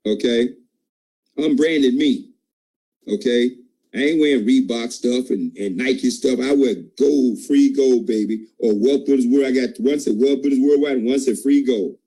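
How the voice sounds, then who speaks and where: A man's voice: normal speed, dark tone, husky, low-quality recording. Emphatic man giving a pep talk. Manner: emphatic, preachy, jumps in pitch. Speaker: team leader at a sales call.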